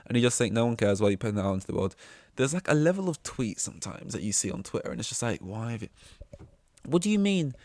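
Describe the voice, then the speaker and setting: A man's voice: medium pitch, very animated, quick pace, a little mellow, no echo. A young man hosting a solo podcast, rambling in a sarcastic, sweary way. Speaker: podcast host. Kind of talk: casual solo podcast monologue.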